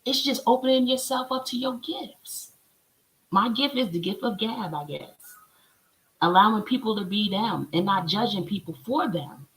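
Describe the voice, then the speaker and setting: A woman's voice: medium pitch, normal speed, fairly bright tone, low-quality recording. A woman, a spiritual healer, talking casually on a live stream as she reads oracle cards and gives chatty, preachy encouragement.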